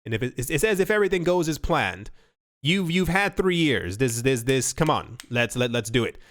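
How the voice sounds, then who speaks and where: Guy rambling thru crypto news, kinda high pitched, smooth clean voice, keeps repeating words. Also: fairly bright tone. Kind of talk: casual commentary video. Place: home recording setup. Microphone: studio mic.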